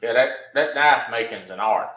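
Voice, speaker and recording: A man's voice: mid-range voice, moderate pace, bright, forceful tone. A man chatting casually and chiming in with short hunting stories. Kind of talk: casual chat. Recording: echoey room.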